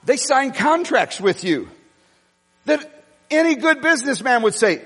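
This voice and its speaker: A man preaching a sermon as pastor, telling stories animatedly and swinging between quiet asides and raised, emphatic lines. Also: very high-pitched, big pitch swings, unhurried, breathy edge. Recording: long reverb of a large hall.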